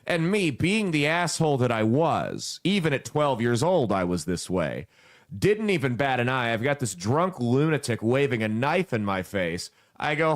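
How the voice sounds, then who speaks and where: A man in his thirties hosts a casual podcast, telling stories in a brash, crude, joking way. His voice sits in an ordinary middle pitch. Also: expressive, moderate pace, fairly bright tone. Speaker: podcast host.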